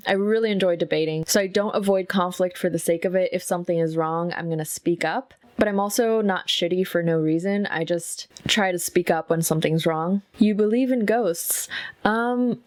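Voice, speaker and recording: At home, a young makeup artist talks casually and candidly, cursing freely into a close mic that picks her up softly and intimately. Her voice is fairly low and a little mellow, at normal speed with no echo.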